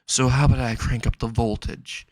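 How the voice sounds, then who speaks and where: A man voicing a sadistic young man who calmly taunts his captive in a storybook reading. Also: mid-range voice, moderate pace, no echo, natural voice. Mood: cold taunting. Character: sadistic young man, cold calm torturer.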